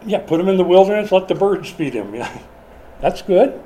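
Relaxed conversational preacher, man. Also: sits high, normal speed, rough recording. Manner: conversational, asks the congregation questions. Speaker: pastor. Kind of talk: sermon.

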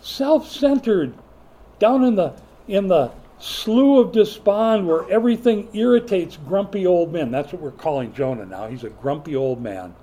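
An older man preaching a sermon, a folksy joking storyteller who builds to loud, emphatic preaching. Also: on the high side, big pitch swings, normal speed. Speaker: pastor.

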